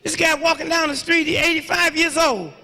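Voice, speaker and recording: Gravelly older man lecturing in a hall. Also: extremely high pitch, steady tone, a little fast. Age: 70s. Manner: sweeping swings between hushed murmurs and loud outbursts, rhythmic call-outs. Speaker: speaker addressing an audience. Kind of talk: fiery lecture with storytelling. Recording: long reverb of a large hall.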